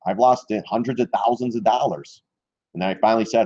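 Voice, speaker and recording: A man hosting a stock trading live stream, talking through charts in a candid, rambling way, often clearing his throat and swearing casually. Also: lowish voice, brisk, mellow, lo-fi sound.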